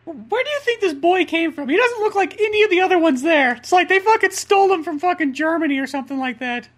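Woman with a very high voice, quick, profane laid-back banter. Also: expressive. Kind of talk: casual comedic commentary.

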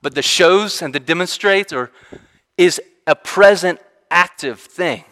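A man preaching a sermon in an animated, conversational way, often restarting his sentences. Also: sits high, unhurried. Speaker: pastor. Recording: reverberant hall sound.

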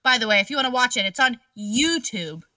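Brief: young female podcast co-host, blunt casual banter, very bright voice, slightly off-mic. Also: a little high, expressive, brisk, no echo, distant mic. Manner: blunt, profane, laughs often. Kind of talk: casual movie review chat.

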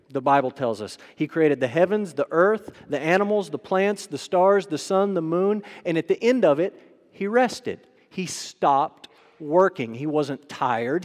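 Slightly high-voiced man preaching in a reverberant hall. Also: darkish tone. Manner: conversational, asks the crowd rhetorical questions; acts out quoted voices. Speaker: pastor. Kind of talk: sermon.

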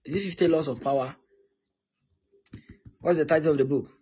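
Very husky pastor, emphatic. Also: male voice, a little high, a little fast, mellow, muffled recording. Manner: emphatic and repetitive, often checking in with "okay?". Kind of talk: live-streamed teaching sermon.

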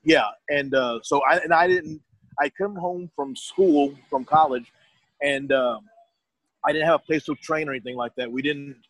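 A man's voice: on the high side, moderate pace, fairly bright tone, no room sound, poor audio. A middle-aged man telling his story in a casual, rambling way, often restarting his sentences and quoting others.

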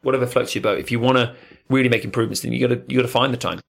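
A man's voice: mid-range voice, fairly even intonation, very fast, gravelly, breathy edge. Emphatic, motivational male podcast host. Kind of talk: casual chat.

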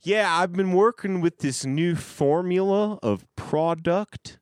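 A man putting on the voice of a country hick bragging about his hair product, in a slow, stretched drawl. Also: high-pitched, smooth, no echo, studio quality, pitched above the performer's own voice.

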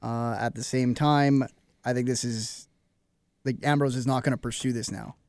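A man's voice: medium pitch, fairly even intonation, moderate pace, a little mellow, dry recording. A man co-hosting a casual wrestling talk show in a small studio, chatty and jokey, laughing often. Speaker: podcast co-host.

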